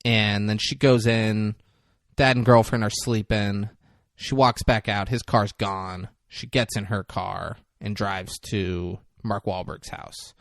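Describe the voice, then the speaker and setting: A man's voice: on the low side, steady tone, fairly bright tone, no room sound, studio quality. Chatty man recapping a movie. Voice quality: laughs often, acts out lines in quick voices. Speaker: podcast co-host recapping a movie. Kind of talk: casual chat.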